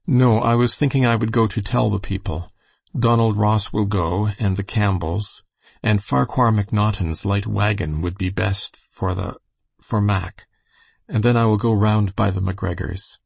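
A man's voice: on the low side, steady tone, measured pace, gravelly, husky, no echo, exaggerated voice. A man voicing an earnest, grieving young backwoods lad with a plain, simple rural turn of phrase.

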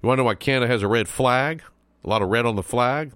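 A man's voice: medium pitch, fast talker, fairly bright tone, dry recording. A man hosting a talk radio show, delivering an opinionated monologue in a folksy, mocking, sarcastic manner.

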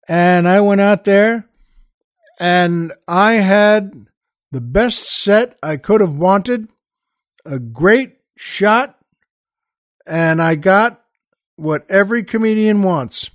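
High-voiced man telling a lively story. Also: slow pace, pauses often, no echo, clean studio sound. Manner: animated, acts out quoted voices, shifts between hushed and loud. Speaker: comedian telling a backstage story. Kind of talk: storytelling anecdote.

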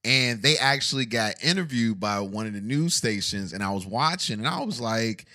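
A man's voice: mid-range voice, lively intonation, normal speed, bright, forceful tone. A man from the Bronx co-hosting a podcast, chatting casually and laughing off teasing. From the Bronx, New York. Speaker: podcast co-host. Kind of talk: casual chat.

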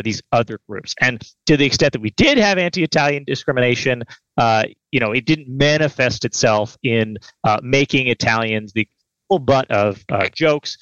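A man co-hosting a radio talk show, answering with dry, deadpan sarcasm and lecturing asides. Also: mid-range voice, no room sound, muffled recording. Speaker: radio co-host. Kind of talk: political debate banter.

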